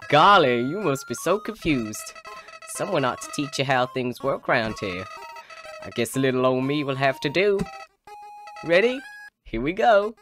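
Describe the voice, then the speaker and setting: Casting: a woman doing a sing-song, falsely sweet flower monster in a game, deep-toned, lively swoops, game music underneath. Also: measured pace, full character voice. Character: chirpy flower creature, falsely friendly, secretly menacing.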